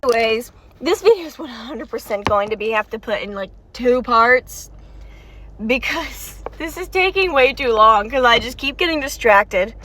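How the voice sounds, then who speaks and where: A woman talking excitedly to her viewers in rambling reaction commentary, recorded inside a car. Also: a little high, normal speed, a little hiss or hum. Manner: excitable, chatty, talks straight to viewers with frequent restarts. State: tired and warm. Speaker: video creator reacting to a game story.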